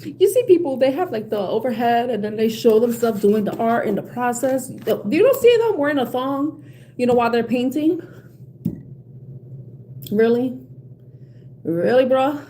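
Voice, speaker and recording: A woman's voice: fairly high pitch, lively intonation, normal speed, dark tone, a little hiss or hum. A woman tarot reader chatting to her viewers in a blunt, heated rant, swearing freely and laughing often. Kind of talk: casual ranting chat to viewers.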